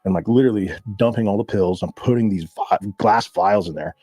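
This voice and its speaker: A man from Southern California, a guest, telling a profane, animated story in casual talk and acting out the voices of people he quotes. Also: fairly low pitch, fairly quick, dry recording.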